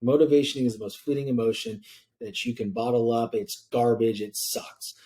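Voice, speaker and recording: A man's voice: mid-range voice, normal speed, dark tone. A man hosting a casual podcast interview, talking in a hyped, slangy, enthusiastic way. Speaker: podcast host.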